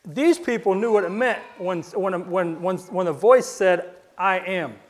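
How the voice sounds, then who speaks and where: A man's voice: high voice, unhurried. A man preaching a sermon, retelling scripture conversationally, stumbling over repeated words and dropping his voice at dramatic moments.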